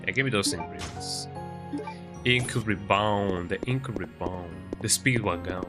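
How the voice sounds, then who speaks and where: A man's voice: sits low, a little slow. A young man streaming a video game, rambling casually and cooing baby talk at his cat between moves. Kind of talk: casual gameplay commentary. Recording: game music behind the voice.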